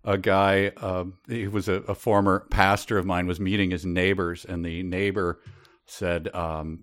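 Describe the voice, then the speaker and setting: A man's voice: low voice, little pitch movement, unhurried, a bit bright. A man co-hosting a casual comedy podcast, making wry, hesitant comments and telling anecdotes. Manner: wry, hesitant, laughing asides. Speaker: podcast co-host. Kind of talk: casual comedic book read-along.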